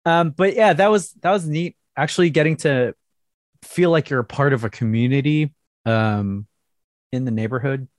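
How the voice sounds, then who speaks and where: A man's voice: medium pitch, normal speed, no echo, studio quality. A man co-hosting a casual chat over a video call, speaking hesitantly with frequent restarts and little laughs. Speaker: podcast co-host.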